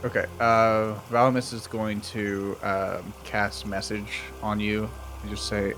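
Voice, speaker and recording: Male player, low voice, jokey, over clear background noise. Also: level tone. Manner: joking, quick to laugh. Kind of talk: casual tabletop chat.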